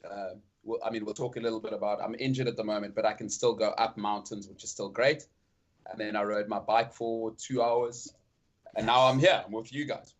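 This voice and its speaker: A South African man talking as a podcast guest in casual chat, relaxed and repeating words as he thinks. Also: on the low side, brisk, lo-fi sound.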